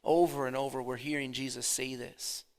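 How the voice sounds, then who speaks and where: A pastor in his thirties giving a conversational sermon, dropping his voice low and then swelling for emphasis. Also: flat delivery, moderate pace, darkish tone, smooth.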